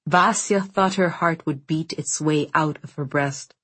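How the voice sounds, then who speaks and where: A woman reads an audiobook in measured, dramatic tones. She speaks slowly, with a low, husky voice. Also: a bit bright. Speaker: audiobook narrator. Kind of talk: scripted narration.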